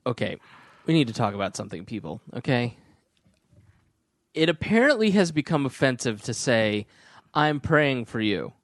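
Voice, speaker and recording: A male podcast co-host ranting sarcastically in a casual, animated chat. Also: medium pitch, normal speed, pauses often, dry recording, studio quality.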